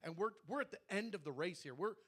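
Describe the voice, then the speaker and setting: High, bright-voiced man telling a testimony. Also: quick pace. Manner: animated storytelling, acting out quoted dialogue. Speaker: prayer room leader. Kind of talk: personal testimony to a congregation.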